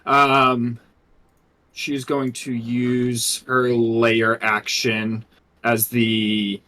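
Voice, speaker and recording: A man's voice: mid-range voice, monotone, drawn-out words, pushed and bright. A man running a tabletop game as dungeon master, narrating loosely with many fillers and restarts.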